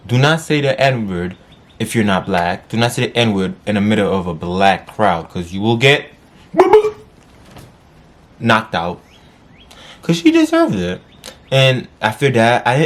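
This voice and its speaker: A man vlogging, wrapping up a story time in a casual, cursing way with sudden high yelps. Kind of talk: story time, then sign-off.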